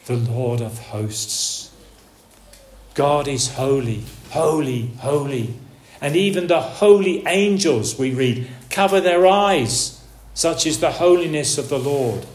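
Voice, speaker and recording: A man preaching a sermon, slow and measured, building emphasis through repetition. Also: mid-range voice, reverberant, slight background noise.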